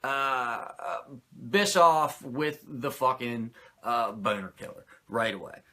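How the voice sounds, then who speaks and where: A man's voice: mid-range voice, takes it slowly, pushed and bright. A man hosting a podcast, recapping wrestling in a rambling, crude, jokey way. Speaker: podcast host reviewing wrestling. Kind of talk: casual profane recap.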